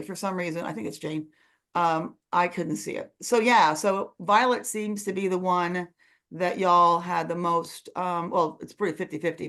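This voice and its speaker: A woman's voice: on the low side, fairly bright tone. A woman hosting an online book club discussion over a video call, chatty and full of fillers.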